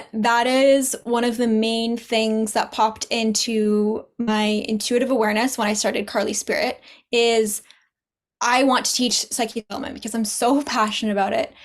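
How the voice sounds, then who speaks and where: Woman spiritual teacher on a podcast, bit high voice, earnest, talks in quick bursts. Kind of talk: casual chat.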